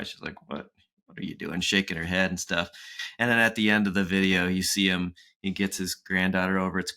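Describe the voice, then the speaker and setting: Man in his forties, lowish voice, bright forceful tone, chatty podcast co-host, laughs a lot. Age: 40s. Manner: chatty, laughs often, acts out quotes. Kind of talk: casual podcast chat.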